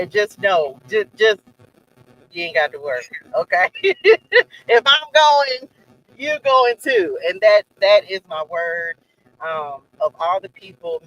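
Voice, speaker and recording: A man hosting a faith-based live stream who speaks warmly and effusively, repeating his words as he thanks his guest. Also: on the high side, poor audio. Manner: effusive and affectionate, repeats himself. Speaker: host.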